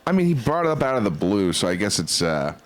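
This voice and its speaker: A man's voice: fairly low pitch, big pitch swings. A man hosting a podcast, firing off joking questions. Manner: quick, joking, fires questions. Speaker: podcast host. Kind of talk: casual podcast banter.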